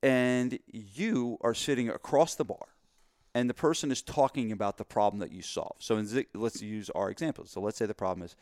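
A man co-hosting a casual podcast about gym marketing, telling an animated story and acting out voices. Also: medium pitch, fairly quick, no room sound, studio quality.

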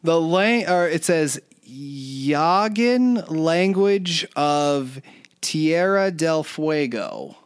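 A man co-hosting a casual chat, talkative and quick to laugh, who spells out words letter by letter. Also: fairly high pitch, animated, smooth, no room sound, studio quality. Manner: chatty, laughs often, spells words out slowly. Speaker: podcast co-host.

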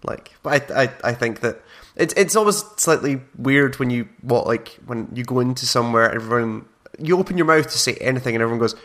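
Hoarse young man, rambling. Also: medium pitch, lively intonation, brisk, fairly bright tone. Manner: rambling, many restarts. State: hoarse, recovering from illness. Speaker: podcast co-host. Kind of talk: casual chat.

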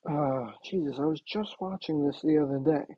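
A man's voice: fairly high pitch, normal speed, slightly rough, no room sound, highs cut off. A man hosting a talk show, rambling casually with many fillers and restarts. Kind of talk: casual monologue.

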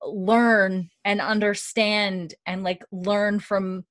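A woman's voice: medium pitch, very slow, no echo, studio quality. A young woman casually recapping a TV episode, acting out the characters' lines with lots of laughs. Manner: animated storytelling, acting out quotes, laughs often. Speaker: podcast host recapping a TV episode. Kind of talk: casual chat.

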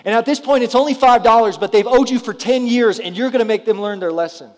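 Male preacher, high voice, chatty sermon style, long hall reverb. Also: quick pace, darkish tone. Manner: conversational, asks the audience questions. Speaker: pastor. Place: church hall before a congregation.

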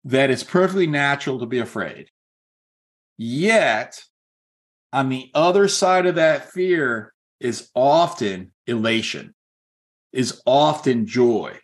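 A man giving a motivational talk as a real estate coach, telling a personal story in a conversational, encouraging way with many casual fillers. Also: medium pitch. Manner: earnest and encouraging.

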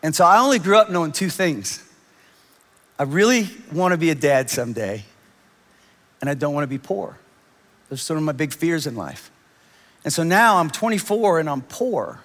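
A man in his thirties delivers a sermon in a large church hall, and his voice rings out with a long, lingering reverb. His voice sits a touch high for a man. He tells his story in an animated way, lifting his voice to act out the people he quotes. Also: normal speed, pauses often. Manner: animated storytelling, quoting others in raised voices. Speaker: pastor.

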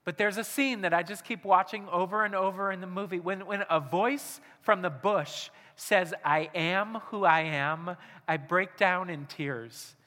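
Male pastor, high bright voice, sermon delivery swinging between hushed and urgent, long church-hall reverb. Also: measured pace. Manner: swings from hushed intimate asides to loud urgent appeals.

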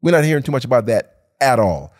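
Emphatic animated man on a podcast. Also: medium pitch, fast. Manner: animated, emphatic, swears, acts out quoted voices. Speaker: podcast co-host. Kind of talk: casual podcast discussion.

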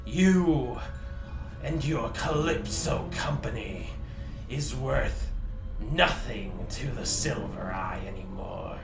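Menacing cult leader voiced by a man, slow and grave, roomy distant mic. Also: mid-range voice, expressive. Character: menacing male cult leader, cold and pronouncing judgment. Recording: roomy, from a distance, music behind.

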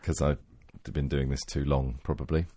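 A man co-hosting a casual podcast, with a gravelly voice and a dry, sarcastic manner. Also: little pitch movement, normal speed, warm tone. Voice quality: gravelly, deep. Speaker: podcast co-host.

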